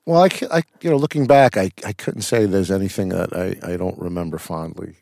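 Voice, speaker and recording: A man's voice: sits low, a little fast, creaky, darkish tone, dry recording, clean studio sound. A middle-aged man, an actor, telling rambling stories with restarts and casual swearing in an interview.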